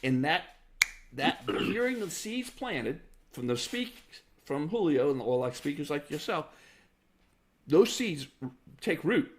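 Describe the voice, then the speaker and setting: A man's voice: a little high, very animated, takes it slowly, a little hiss or hum. A man hosting a podcast interview, who listens and affirms, then reflects on his own career and mentors. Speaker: podcast host. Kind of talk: conversational interview.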